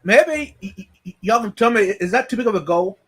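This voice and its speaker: Man, high voice, halting, repeats words, casual stream host, video call. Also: animated, slightly rough. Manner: halting, repeats words, reads viewer comments. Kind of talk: casual live stream chat.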